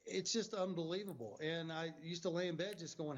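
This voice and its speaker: A man speaking in a played clip, halting and filling pauses with uh. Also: a little high. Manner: halting, with frequent uh fillers. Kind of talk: recorded spoken remarks. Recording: dull lo-fi clip audio.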